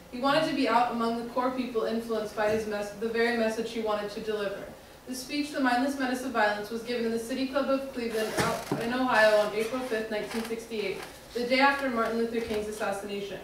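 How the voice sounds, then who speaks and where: A young woman reading a prepared class report aloud steadily. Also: on the high side. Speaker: student presenter. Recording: echoey room from far off, faint noise.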